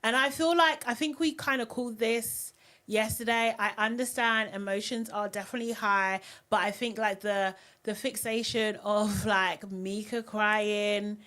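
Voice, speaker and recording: A woman hosting a live reality TV recap, talking in an animated, outspoken way. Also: medium pitch, a little slow. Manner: animated and outspoken, often mocking voices. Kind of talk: live recap and review chat.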